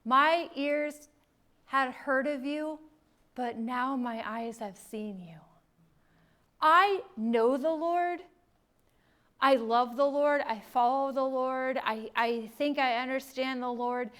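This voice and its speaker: Woman preaching, high voice, slow and dramatic, goes loud then hushed. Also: clear, resonant tone. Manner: emphatic, dramatic swings between loud and hushed. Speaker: Bible teacher. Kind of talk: sermon.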